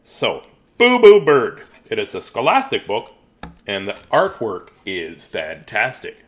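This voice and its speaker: A man's voice: lowish voice, wildly swooping pitch, a little slow. A middle-aged man chatting playfully with young viewers at home and reading a storybook aloud. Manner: chatty, playful, rambling, greets viewers by name. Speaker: children's storybook reader. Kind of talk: casual live-stream chat and read-aloud.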